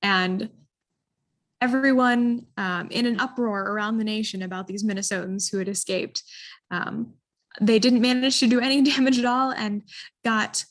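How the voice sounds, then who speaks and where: A woman telling a history story to an audience, animated and full of ums, putting listeners in the story with choices. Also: on the high side, moderate pace. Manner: animated, addresses listeners with choices, frequent um fillers. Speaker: history presenter. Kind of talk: interactive storytelling talk.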